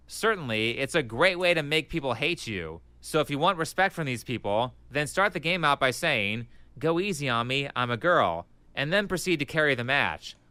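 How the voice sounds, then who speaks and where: Brief: male voice-over narrator, smooth, bright, evenly read script. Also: mid-range voice, dry recording.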